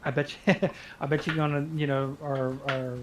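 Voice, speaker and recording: A man's voice: on the high side, little pitch movement, normal speed, background noise. A man from the US chatting on a gaming call, rambling with many fillers and restarts. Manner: hesitant, rambling, lots of fillers. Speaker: co-op player. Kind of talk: casual gaming chat.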